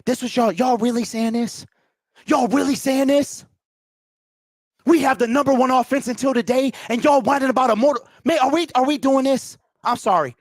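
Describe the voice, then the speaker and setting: A man's voice: extremely high pitch, a little fast, hardly any pauses, no room sound, studio quality. A man hosting a postgame fan call-in show, ranting in a heated, exasperated way and repeating himself.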